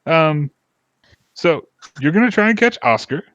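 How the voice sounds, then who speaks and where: A man's voice: on the high side, big pitch swings, a little slow, a bit bright, dry recording, muffled recording, pitched above the performer's own voice. A man voicing a jolly, short, stout, finely dressed male dwarf in a tabletop game, talking cheerily and eagerly.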